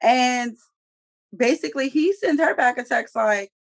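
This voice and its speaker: A woman's voice: high voice, a little slow, no room sound. A woman co-hosting a reality TV recap, blunt and emphatic, repeating her punchlines and swearing freely. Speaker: podcast co-host. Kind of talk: casual reality TV recap chat.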